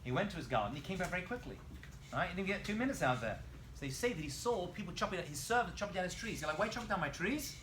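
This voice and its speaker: Speaking very fast in a voice that sits high, a rabbi brings a Bible story to life for his class and quizzes the students along the way. The background is noisy.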